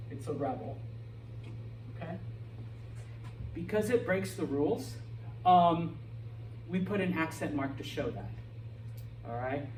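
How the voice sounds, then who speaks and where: A middle-aged man with a slightly high, slightly mellow voice lectures a Spanish class, checking in with "okay?" and "all right?" after nearly every point. The recording sounds echoey, as if captured from far off in a classroom, with faint noise.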